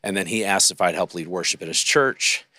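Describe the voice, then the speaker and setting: Man, 50s, singer guest, very low voice, dry close sound, earnest storyteller. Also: bright, forceful tone, no room sound. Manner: earnest, unhurried, with many fillers. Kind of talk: interview storytelling.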